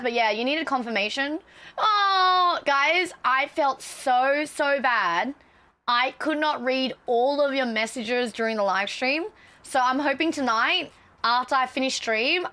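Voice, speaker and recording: A woman streamer chatting casually to her viewers, excitable and swearing freely. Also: high voice. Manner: excitable, swears a lot, talks straight to chat.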